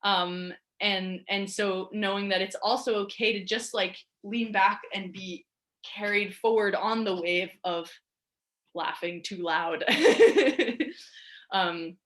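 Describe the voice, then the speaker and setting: A woman's voice: mid-range voice, slow, fairly bright tone. A woman guiding a movement lesson in a playful way, laughing easily as she explains. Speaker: energy work teacher. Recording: echoey room.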